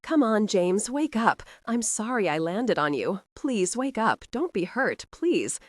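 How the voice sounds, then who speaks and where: A woman's voice: mid-range voice, very animated, a little slow, no room sound, clean studio sound. A woman voicing a brave, blunt young woman in an audiobook. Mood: earnest.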